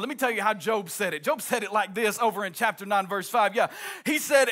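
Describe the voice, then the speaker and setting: A male pastor preaching an impassioned sermon, rising into shouts and a sing-song cadence, then dropping into folksy asides. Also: sits high, brisk, faint music behind.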